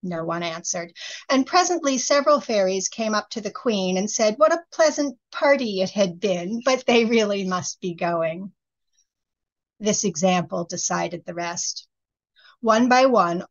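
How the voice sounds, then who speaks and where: Woman reading a storybook aloud: measured, expressive narration on a muffled recording. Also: mid-range voice. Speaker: reader.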